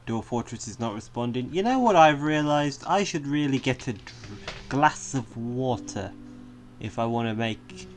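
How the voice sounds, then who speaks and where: A man's voice: medium pitch, lively intonation, moderate pace, soft background music. A man giving casual let's-play commentary on a game, chatty and rambling, wandering off on amused tangents. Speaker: gaming video creator.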